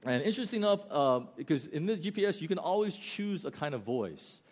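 Animated American preacher, lively pitch. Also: male voice. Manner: animated storytelling, shifts between loud bursts and slow, quiet emphasis. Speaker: pastor. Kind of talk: sermon.

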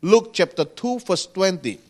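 A man preaching a sermon with a slow, earnest delivery, pausing often and pressing certain words, in non-native English grammar. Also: sits high, big pitch swings, darkish tone, slightly rough. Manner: slow, earnest preaching with pauses and rising emphasis.

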